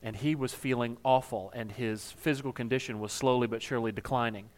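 A man's voice: mid-range voice, steady tone, a little fast. Conversational male pastor sharing a story. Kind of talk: informal sermon.

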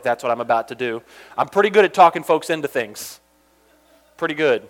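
A young man from Georgia telling a funny personal story in an animated, chatty way, full of asides. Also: on the high side, brisk, long pauses.

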